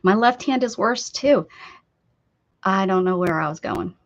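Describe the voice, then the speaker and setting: A woman's voice: mid-range voice, animated, unhurried. Chatty American woman, casual art stream, rambling and laughing, slightly dull lo-fi audio. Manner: chatty, rambling, laughs often and reads viewer comments aloud. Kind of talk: casual live-stream chat.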